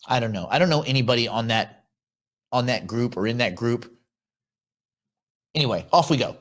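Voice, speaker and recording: A man's voice: mid-range voice, normal speed. A man co-hosting a casual chat show, joking and teasing his co-host.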